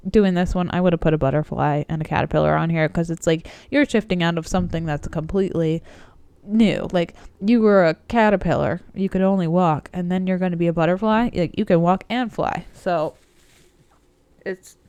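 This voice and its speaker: With a lowish, slightly mellow and smooth voice at normal speed and no echo, a woman with a cold does a relaxed tarot reading for her viewers. As a tarot reader and coach, she chats and wanders, saying "like" and "um" a lot.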